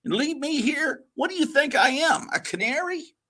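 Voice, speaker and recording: A man's voice: very high voice, animated, moderate pace, pushed and bright, pitched above the performer's own voice, heavily acted. A man voicing Wiz, a squawky cocky falcon. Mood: brash. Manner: brash, wisecracking. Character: cocky young male falcon sidekick.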